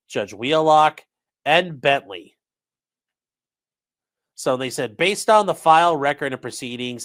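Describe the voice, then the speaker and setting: A man giving casual, sarcastic legal commentary on a livestream, talking straight to his chat. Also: mid-range voice. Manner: casual, sarcastic, lively asides.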